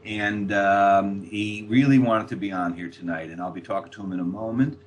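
An older man, a guest author, telling lively anecdotes and acting out the voices of people he quotes. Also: on the low side, moderate pace, a little hiss or hum. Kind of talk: storytelling anecdotes.

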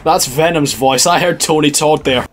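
A man's voice: on the high side, moderate pace, slight background noise. A young man giving sarcastic, profane let's-play commentary on a video game, laughing often. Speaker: gaming video creator.

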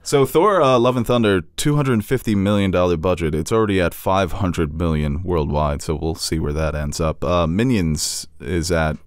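Low-voiced man co-hosting a podcast. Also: moderate pace, few pauses, no echo, studio quality. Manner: laughs often, goes over box office numbers. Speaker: podcast co-host. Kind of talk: casual podcast chat.

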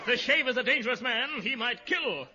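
A pompous, heroic barrister who declaims everything in a very high, grand voice. The delivery is full-blown 1950s radio comedy. The old broadcast sound is dull and hissy. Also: male voice, animated, brisk, over a noisy crowd. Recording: old lo-fi radio recording with hiss.

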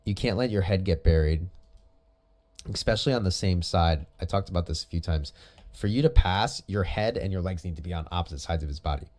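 Male jiu-jitsu coach, very low voice, chatty and encouraging commentary. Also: a little fast. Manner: animated, coaching, chatty asides. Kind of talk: casual video commentary.

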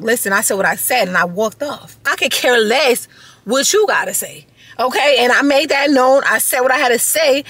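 A young adult woman vlogging casually to her viewers, emphatic and animated, coming down with a cold. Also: a little high, dry recording. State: getting sick. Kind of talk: casual direct-to-camera vlog.

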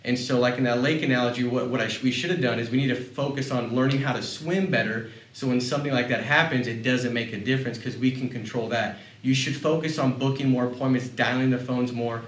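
A man giving a motivational sales talk, telling personal stories in a lively way and often repeating words as he goes. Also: mid-range voice, fast, few pauses. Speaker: sales leader speaking on a panel. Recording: roomy sound, mic at a distance.

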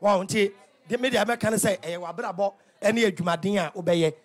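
A Ghanaian radio talk show host with a high, raspy voice preaches loudly and a little fast from a radio studio. Animated, he swings between sing-song and shouting, acts out market scenes, and mixes the local language with English in his lively preaching.

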